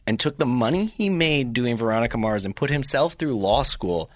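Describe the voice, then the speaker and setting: A man's voice: mid-range voice, lively intonation, normal speed, dry recording. A man in his forties from Chicago co-hosting a casual podcast chat, rambling through stories and laughing often. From Chicago area, United States. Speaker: podcast co-host.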